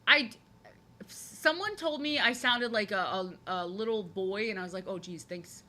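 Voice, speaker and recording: A young woman chats casually while drawing on a live stream, sounding overexcited and talkative and often repeating herself. Her youthful, mid-range voice, which people say resembles an excited little boy, moves at a moderate pace.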